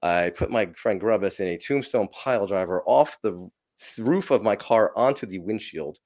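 A man's voice: on the low side, moderate pace, a little mellow. A man who is a podcast guest, telling long, rambling, profanity-laced stories and laughing through them. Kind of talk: casual storytelling.

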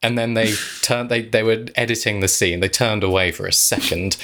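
A man co-hosting a casual film-review podcast, talking in animated, exasperated rants and swearing freely. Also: lowish voice, normal speed, a little hiss or hum. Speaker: podcast co-host.

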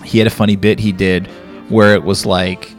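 A man's voice: deep voice, flat delivery, moderate pace, faint music behind. A man with a Chicago accent, co-hosting a podcast in casual chat, rambling with many restarts. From Chicago area. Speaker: podcast co-host.

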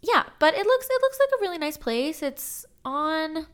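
A woman's voice: sits high, sing-song, normal speed. A woman co-hosting a casual chat podcast, from Canada, rambling and playful with lots of fillers. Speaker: podcast co-host.

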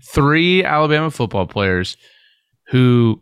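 A man co-hosting a sports podcast, setting up topics in a teasing, unhurried way. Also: mid-range voice, fairly bright tone, clean tone, dry recording, clean studio sound. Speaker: podcast co-host. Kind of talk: casual sports chat.

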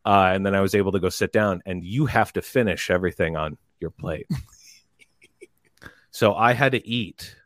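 A man telling a long story in casual chat, rambling and animated, and bursting into loud quoted lines. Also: sits low, moderate pace, dry recording. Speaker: podcast guest telling a story.

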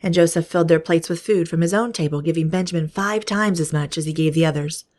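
A woman podcast host reading scripture aloud in a steady, measured way. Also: low-pitched.

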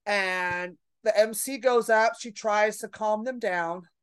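A woman's voice: medium pitch, takes it slowly, fairly bright tone, clear, resonant tone. A woman comedian telling a story in a podcast conversation, brash and profane, acting out the people in it. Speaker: comedian guest.

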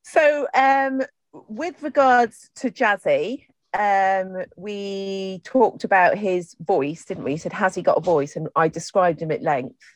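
A woman's voice: mid-range voice, takes it slowly, dry recording. A middle-aged woman chatting casually as a podcast co-host, rambling through stories with plenty of fillers and restarts. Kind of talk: casual chat.

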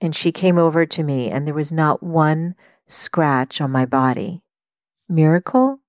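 A middle-aged woman hosting a podcast, telling a personal story in an earnest, reflective way, with many pauses and fillers. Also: deep voice, expressive, a little mellow, dry recording, studio quality. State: tearful while telling a story. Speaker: podcast host and life coach.

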